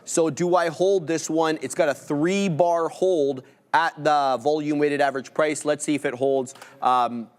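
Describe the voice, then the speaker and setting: A man's voice: fairly high pitch, fairly even intonation, a little slow, few pauses, smooth. A man co-hosting a live trading stream, calling out price levels and order fills as they happen, with playful asides in between. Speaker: day trader co-hosting a live market stream.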